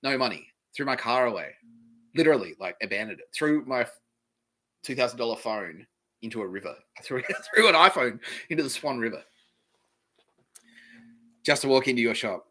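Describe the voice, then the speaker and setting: A man's voice: medium pitch, animated, normal speed, pauses often, pushed and bright. An Australian man hosting a comedy podcast, ranting in a profane, rambling, mock-outraged way. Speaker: podcast host. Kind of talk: comedic rant.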